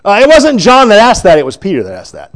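A man preaching a sermon, retelling scripture in an animated, chuckling storytelling way. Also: high-pitched, fast.

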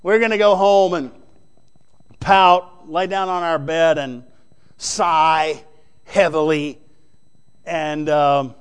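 A man preaching a sermon in an emphatic, folksy way, swinging between loud stresses and hushed asides. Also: a little high, fairly even intonation, slow pace, pauses often, clear, resonant tone.

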